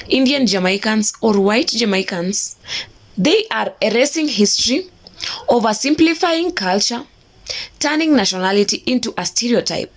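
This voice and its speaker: A woman giving a scripted explainer narration in a measured, emphatic, declarative way. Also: mid-range voice.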